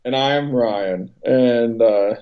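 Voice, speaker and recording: A man co-hosting a comedy podcast with casual, giggly, deadpan teasing banter. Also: mid-range voice, slow pace, a crowd in the background. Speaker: co-host. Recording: dull lo-fi podcast mic.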